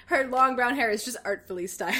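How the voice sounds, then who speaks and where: A woman's voice: a little high, fairly bright tone. Woman reading aloud with laughs. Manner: reads dramatically, breaks into laughter. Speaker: podcast co-host reading fan fiction aloud. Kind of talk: casual comedic reading and chat.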